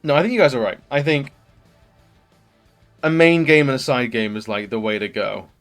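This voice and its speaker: A man's voice: medium pitch, normal speed, a bit bright, faint music behind. Rambling British man chatting on stream. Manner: rambling, with many ums and likes. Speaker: live streamer. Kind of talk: casual chat with viewers.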